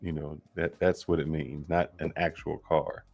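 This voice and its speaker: A man with a deep, gravelly voice steps in calmly to explain what another speaker meant. Soft music plays faintly behind him. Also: normal speed. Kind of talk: podcast chat.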